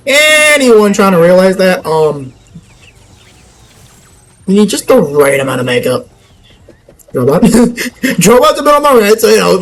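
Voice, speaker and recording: High-voiced young man rambling over gameplay. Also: slight background noise, poor audio. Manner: rambling, laughs often. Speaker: gameplay YouTuber. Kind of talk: casual gameplay commentary.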